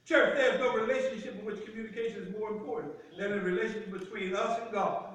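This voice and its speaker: A man preaching a sermon in a church sanctuary, with call-and-response delivery that rises to shouts on key lines. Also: high-pitched, fairly even intonation, fast. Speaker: pastor. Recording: echoey church sanctuary from far off.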